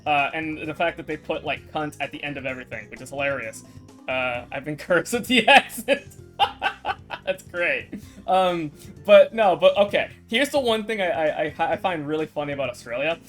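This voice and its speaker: A woman's voice: low-pitched, lively intonation, normal speed, soft background music. A woman streamer in casual chat with her viewers, swearing, rambling and laughing often.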